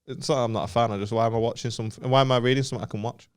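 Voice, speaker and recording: A man's voice: mid-range voice, fairly even intonation, very fast, clean tone. A man with a Northern English accent, co-hosting a comedy podcast with crude, teasing banter. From Northern England. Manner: crude, teasing, laughs often.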